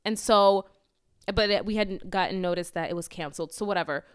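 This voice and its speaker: A woman's voice: medium pitch, brisk, smooth. A young woman co-hosting a podcast, telling a travel story in casual chat, swearing freely and talking animatedly. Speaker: podcast co-host.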